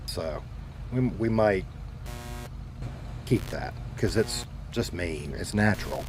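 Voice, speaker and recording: A man's voice: deep voice, lively intonation, slow pace, long pauses, darkish tone, slight background noise. A laid-back man with a Southern American accent, rambling casually to his stream chat, swearing now and then. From Southern United States. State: dehydrated.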